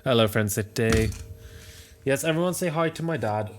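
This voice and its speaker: A man's voice: mid-range voice, animated, normal speed, a little hiss or hum. A man streaming a game live, chatting casually and swearing freely. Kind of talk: live game playthrough chat.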